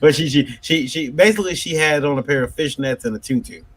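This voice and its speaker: A man who creates comics, telling a story on a panel in a halting way, repeating words as he goes. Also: on the high side. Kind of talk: casual panel chat.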